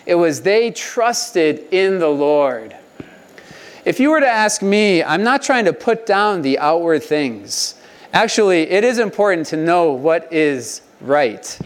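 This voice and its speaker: A man with a high-pitched, smooth, resonant voice preaches a storytelling sermon. He is animated, acting out shouted quotes and drawing the listeners in with questions. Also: takes it slowly. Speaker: conference speaker.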